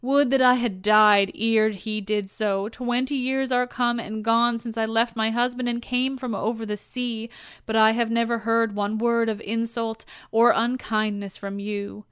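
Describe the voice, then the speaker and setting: Sad remorseful princess, read by a woman, soft clear voice, dry sound. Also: fairly high pitch, level tone, unhurried, dry recording, lightly acted. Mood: sorrowful. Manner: sorrowful, soft. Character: remorseful foreign princess, sister-in-law.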